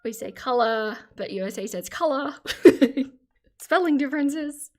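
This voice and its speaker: A woman's voice: high-pitched, animated, moderate pace. A middle-aged Australian woman chatting casually on a live stream, reading out chat comments and laughing often.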